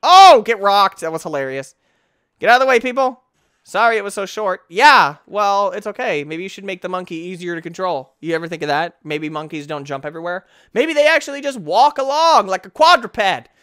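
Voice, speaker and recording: Excitable man with a lively, bright voice. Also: high voice, fairly quick, smooth, no echo, studio quality. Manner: excitable, goofy, talks to the game, bursts into shouts. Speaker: game commentator. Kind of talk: let's play commentary.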